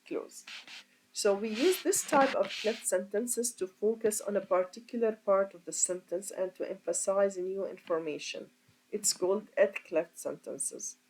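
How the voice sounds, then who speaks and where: Her voice mid-range and darkish, an English teacher walks her class through a grammar lesson step by step, on poor-quality audio. She speaks slowly and deliberately and asks rhetorical questions along the way.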